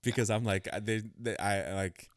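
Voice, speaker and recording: A man hosting a podcast, telling a long story in a rambling, animated way with many restarts. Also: fairly low pitch, normal speed, dry recording, studio quality. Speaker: podcast host. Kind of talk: casual storytelling chat.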